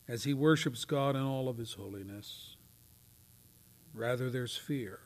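A man preaching a sermon, swinging from loud, declaiming readings to near whispers. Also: mid-range voice, normal speed. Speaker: pastor. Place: church.

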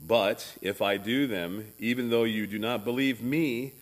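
A man's voice: fairly low pitch, a little slow. A male pastor preaching a sermon in a church, reading scripture passages aloud with shifting emphasis.

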